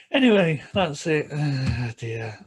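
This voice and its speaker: A man's voice: a little high, breathy edge. Man, Yorkshire accent, casual vlog chat, friendly explaining, laughs between points. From Yorkshire, England. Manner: chatty, explains with everyday examples, laughs often. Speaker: vlogger. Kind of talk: casual reaction video.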